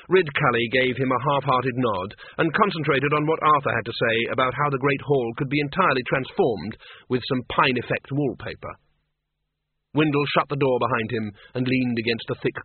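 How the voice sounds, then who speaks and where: Guy narrating a story, measured and dry, husky voice, phone-ish tinny sound. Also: medium pitch, no room sound. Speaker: audiobook narrator. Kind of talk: scripted narration.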